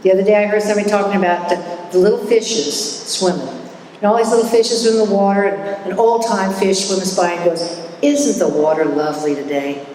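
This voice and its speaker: Speaking at a recovery meeting in a hall, a middle-aged woman gives a candid, self-mocking personal talk, chatty and full of restarts. Her medium-pitched voice is brisk with a darkish tone, recorded far from the mic in an echoey room with slight background noise.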